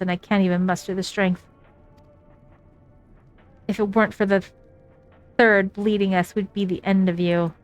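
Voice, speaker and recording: A woman's voice: medium pitch, close to an everyday voice. A woman voicing a bitter, wounded young male enemy soldier, reading game dialogue aloud with light drama.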